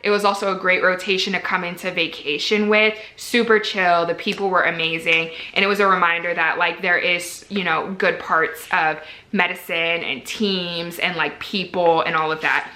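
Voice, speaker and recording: A woman's voice: on the low side, fairly even intonation, normal speed, bright, forceful tone. Chatty young woman in an echoey room. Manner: chatty, frequent "like" fillers, candid and earnest. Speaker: medical resident vlogger. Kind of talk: casual vlog talk to camera.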